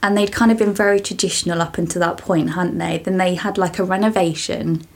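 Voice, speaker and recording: Giggly, breathy woman. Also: lowish voice, fairly even intonation, fairly quick. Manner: giggly, rambling storyteller. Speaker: podcast co-host. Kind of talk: casual chat.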